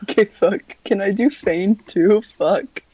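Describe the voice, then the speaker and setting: A woman's voice: mid-range voice, slow pace, mellow, slightly rough, no room sound, rough recording. A woman playing a tabletop game, chatting casually in a playful way with frequent laughter and swearing. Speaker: player.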